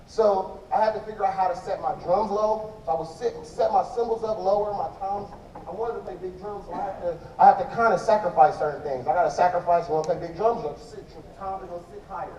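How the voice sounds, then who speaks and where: A man with a high, mellow voice talks loosely to a crowd, full of slang and restarts. He is picked up from far off in a big echoey hall, and the sound is dull with faint crowd noise underneath. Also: steady tone, fast talker. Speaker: drummer answering audience questions. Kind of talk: casual stage talk to an audience. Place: large indoor event hall stage.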